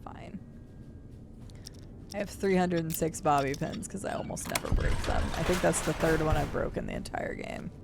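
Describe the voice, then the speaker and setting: A young woman streamer chatting casually while playing a game, thinking out loud and greeting her viewers. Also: deep voice, normal speed, gravelly, music in the background. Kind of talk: casual chat while gaming.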